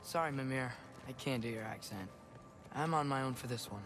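A man's voice: mid-range voice, fairly quick, over loud music, close to an everyday voice. An actor voicing an earnest, curious teenage boy god in a video game. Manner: earnest, searching. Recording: game audio with steady background noise.

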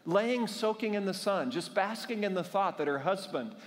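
A man's voice: high voice, expressive, moderate pace. A male pastor preaching a sermon, telling a humorous personal story and building to fervent exhortation. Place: church sanctuary. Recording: long church hall reverb.

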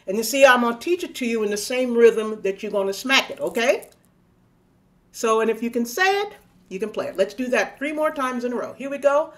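A woman's voice: fairly high pitch, animated, fairly quick, background noise. A woman leading a body percussion lesson over a video call, playful and coaxing, counting and chanting rhythms aloud. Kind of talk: live online teaching. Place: home room on a video call.

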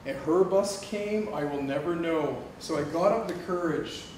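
A Canadian man in middle age, appearing as a guest speaker, relates a personal story to a crowd in a campus lecture hall, acting out lines of dialogue and laughing a lot. His voice runs on the high side at normal speed. Recorded from a distance, the audio is echoey with noise.

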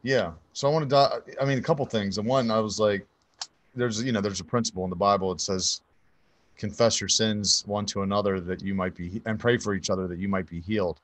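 A male interview host with a fairly low voice gives brief affirmations and then quotes scripture. His voice sounds dry and close, with no room echo. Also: steady tone, fairly quick. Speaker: podcast host. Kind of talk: interview conversation.

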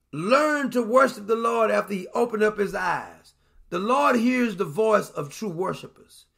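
Gravelly high-voiced preacher man. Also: fairly bright tone. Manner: folksy, dramatizing scripture in vernacular voices. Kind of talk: sermon.

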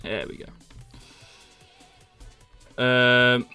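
A man's voice: mid-range voice, very slow, music in the background. A young man live-streaming Minecraft, chatting jokily with viewers and answering them by name. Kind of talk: casual live-stream chat, reading chat aloud.

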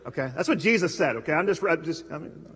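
A high-voiced man preaches in an animated style, breaking into acted-out quotes and restarting phrases often. His voice is slightly husky and rings out with a long reverb through a large church sanctuary. The delivery is a live sermon. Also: fast talker. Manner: animated, acts out quotes with big pitch swings, many restarts. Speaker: pastor.

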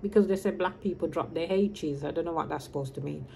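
A woman vlogger in her fifties, brought up in Birmingham, talks quickly in a deep, gravelly, warm voice, drifting casually from topic to topic and dropping her H's. There's a faint hiss or hum on the recording.

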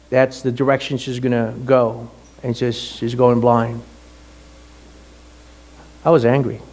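A middle-aged man, a pastor, telling a personal story in a sermon with animated, emotional delivery. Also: mid-range voice.

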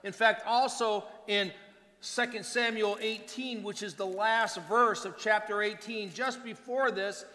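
A pastor delivering a sermon, his delivery swinging between hushed and loud. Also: high-pitched, steady tone, a little slow, big-room sound. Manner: preaching with wide swings between soft and loud.

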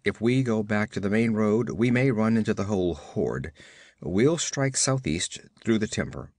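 A man's voice: on the low side, expressive, moderate pace, a little mellow, dry recording, studio quality. A man reading the part of a blunt, impatient barbarian warrior, curt and commanding. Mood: gruff.

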